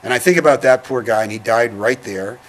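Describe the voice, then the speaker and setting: An older man, a veteran giving an oral history interview, speaking in a reflective, halting way, heavy with feeling. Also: medium pitch, fairly bright tone.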